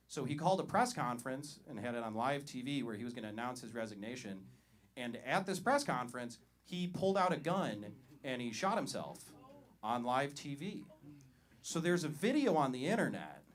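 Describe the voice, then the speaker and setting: A young man doing a stand-up set as the comedy show host, talking in a conversational, deadpan way on a handheld mic in a live venue. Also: mid-range voice. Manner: conversational, deadpan delivery with loud hype-up. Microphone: handheld stage mic. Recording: live crowd audible. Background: audience laughter.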